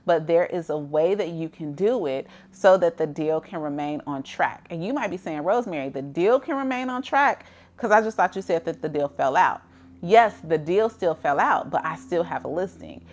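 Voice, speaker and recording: A woman's voice: deep voice, a little mellow. A middle-aged woman, coaching real estate agents in a candid, conversational way. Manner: candid, conversational, frequent "like" and "you know". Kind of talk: coaching monologue to camera.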